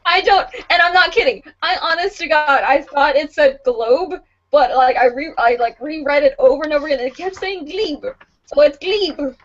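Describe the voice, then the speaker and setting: A woman's voice: sits high, moderate pace, a bit bright. A young woman co-hosting a casual podcast, reading out listings, stumbling over names and swearing with a laugh. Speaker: podcast co-host. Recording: dull lo-fi podcast audio.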